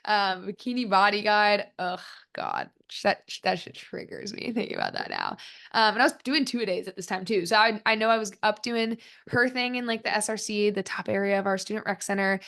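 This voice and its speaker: A woman's voice: mid-range voice, a bit bright. A woman in her twenties hosting a solo podcast, talking in a casual, candid way with plenty of "like" fillers. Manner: chatty, frequent "like" fillers, candid self-reflection. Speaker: podcast host.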